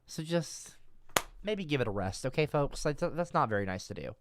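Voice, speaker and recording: A man's voice: medium pitch, big pitch swings, moderate pace, noisy background. A man live streaming, reading and answering his chat in a rambling, profane, exasperated rant.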